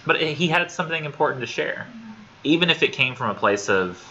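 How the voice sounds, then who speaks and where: A man's voice: a little high, lively intonation, a little fast, sharp tone. A man teaching a college literature class, talking casually and thinking aloud, often repeating words as he goes. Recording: dull lo-fi classroom recording with faint noise.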